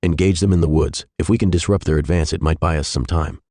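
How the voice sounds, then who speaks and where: A man's voice: steady tone, fast, dark tone, no echo, studio quality. A man reading as an urgent, frustrated general. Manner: low and urgent.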